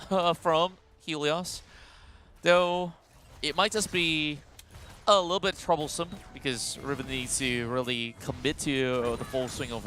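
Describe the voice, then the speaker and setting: An esports caster with a mid-range voice calls a mobile esports match live. His play-by-play is animated and chatty, with frequent fillers.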